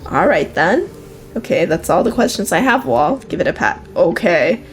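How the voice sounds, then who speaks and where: A woman's voice: medium pitch, sing-song, moderate pace, faint music behind. A young woman streaming a role-playing game, reading its text aloud with amused reactions.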